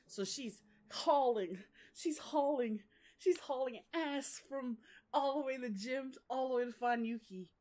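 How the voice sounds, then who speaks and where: Chatty young woman recapping a book. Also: mid-range voice. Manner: chatty, laughing, slangy. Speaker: book vlogger. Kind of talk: casual chapter recap.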